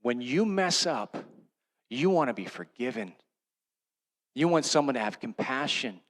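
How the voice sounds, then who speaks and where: A middle-aged man, a pastor, preaching a sermon in a conversational storytelling way, swinging between loud emphatic lines and hushed ones. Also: medium pitch, very animated, unhurried.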